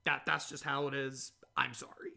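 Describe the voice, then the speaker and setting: A man hosting a solo podcast, rambling and chatty, telling stories in a casual, animated way. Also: mid-range voice, normal speed, creaky. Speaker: podcast host.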